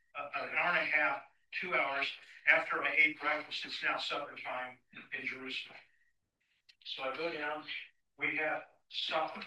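A pastor preaching in a church, his voice very bright and a touch high. He acts out conversations in his stories and then turns quiet and earnest. He is recorded from a distance, with the church room echoing around him. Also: slight background noise. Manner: animated storyteller acting out dialogue, then quiet and earnest. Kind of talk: sermon with personal story. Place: church sanctuary.

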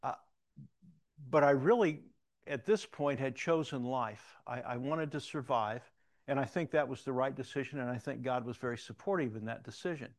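A middle-aged pastor with a medium-pitched voice preaches a sermon at a moderate pace. He tells personal stories, shifting between loud, emphatic questions and quiet, reflective moments.

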